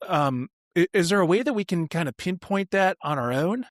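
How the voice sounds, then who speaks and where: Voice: medium pitch, animated, normal speed, no echo. A podcast host with a mid-range voice, encouraging and playful as they ask follow-up questions. The sound is dry and close. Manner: encouraging listener, short affirmations, playful asides. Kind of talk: casual interview conversation.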